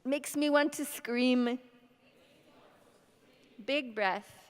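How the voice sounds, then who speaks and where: A woman leads a tapping exercise with a somewhat high voice, pacing each phrase very slowly. She breathes and sighs between lines. Her words ring with long reverb in a large hall. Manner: slow, breathy guidance with many sighs and scripted affirmations. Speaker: EFT tapping practitioner. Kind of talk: guided tapping session.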